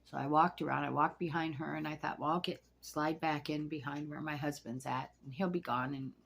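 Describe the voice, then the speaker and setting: A woman telling a personal story to camera in a rambling, halting way, shaken and anxious, with hushed asides. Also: low voice, fairly even intonation, vocal fry, a little hiss or hum.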